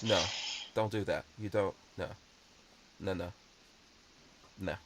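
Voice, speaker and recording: A man's voice: low-pitched, slow pace, fairly bright tone, a little hiss or hum. A man hosting a podcast in casual chat, talking bluntly and rambling with strong opinions. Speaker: podcast host.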